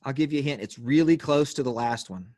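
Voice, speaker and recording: A man's voice: mid-range voice, fairly quick, a little mellow, dry recording, clean studio sound. A man teaching an online grammar class on a video call, explaining patiently step by step and calling on students.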